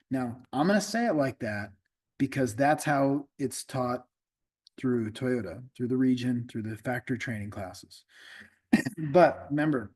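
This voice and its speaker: A man's voice: medium pitch, darkish tone, breathy edge. A middle-aged man, an automotive instructor, lecturing a class in a casual, conversational way, often repeating himself and checking in with the students.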